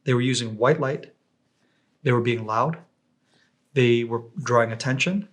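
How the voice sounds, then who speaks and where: A man from Israel casually telling combat stories as an interview guest, animated and acting out the voices of the people he quotes. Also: mid-range voice, unhurried. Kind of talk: casual war storytelling.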